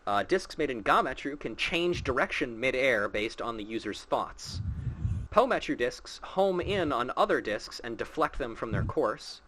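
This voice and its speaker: A man's voice: mid-range voice, very animated, measured pace, fairly bright tone, a little hiss or hum. A man hosting a casual game playthrough, sarcastic and swearing freely. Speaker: host reading game dialogue. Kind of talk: casual let's-play commentary.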